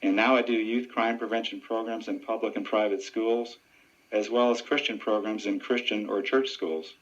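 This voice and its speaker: A man who works as a deputy sheriff and ventriloquist, answering radio interview questions in an earnest, steady and informative way. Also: fairly low pitch, moderate pace. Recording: dull lo-fi radio audio.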